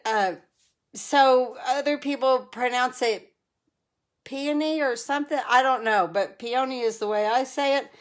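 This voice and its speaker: A middle-aged woman from New Jersey hosting a casual live card-making tutorial, chatty and enthusiastic, greeting viewers by name. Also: a little high.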